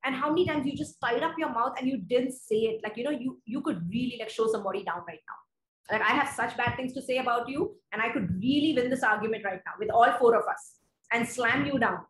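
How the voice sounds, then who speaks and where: A woman preaching a sermon, earnest and conversational, reading scripture slowly and deliberately. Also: a little high, echoey room, poor audio.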